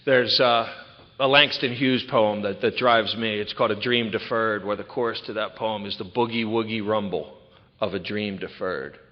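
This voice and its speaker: A middle-aged man tells his recovery story to a retreat audience, lively and full of quick asides. His voice carries a long reverb from a large hall, and the recording sounds dull and lo-fi. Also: lowish voice. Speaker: recovery speaker. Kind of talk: personal recovery talk at a retreat.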